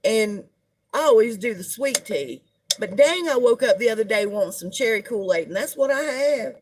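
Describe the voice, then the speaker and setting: A woman's voice: on the high side, expressive, moderate pace, a little mellow. A middle-aged woman, hosting a casual live-stream gossip chat and greeting viewers as she talks. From United States. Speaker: livestream host.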